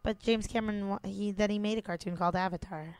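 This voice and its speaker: A woman's voice: medium pitch, steady tone, fast talker, a little mellow, clear, resonant tone, no echo. A young adult woman from Canada, co-hosting a podcast and talking through a film in blunt, opinionated, casual commentary, laughing often. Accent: Italian-Canadian. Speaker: podcast co-host. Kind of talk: casual movie-watching commentary.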